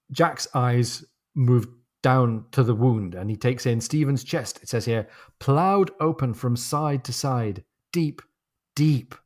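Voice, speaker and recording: A man co-hosting a podcast, chatting casually about a novel and reading passages aloud slowly and deliberately. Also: mid-range voice. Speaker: podcast co-host. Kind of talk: casual book discussion with read-aloud passages.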